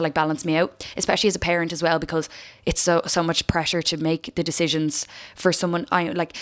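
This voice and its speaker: A young Irish woman chats to her camera from a room at home, vlogging in a rambling, self-deprecating style. Her voice is deep and the recording has no echo.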